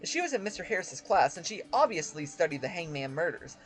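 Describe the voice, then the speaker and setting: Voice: medium pitch, sing-song, fast talker, faint music behind. A gaming channel host giving goofy, jokey let's-play commentary, breaking off to sing to themself. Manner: goofy, jokey, sings to self.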